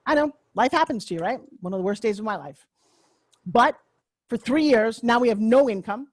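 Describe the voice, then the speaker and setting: Brief: middle-aged Long Island woman, brash and candid, a touch high-pitched, close dry sound. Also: expressive, moderate pace, no room sound. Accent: Long Island New York. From Long Island, New York. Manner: brash, candid, self-mocking, swears freely. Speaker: speaker giving a talk on a video call. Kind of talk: personal storytelling talk. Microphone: computer mic on a video call.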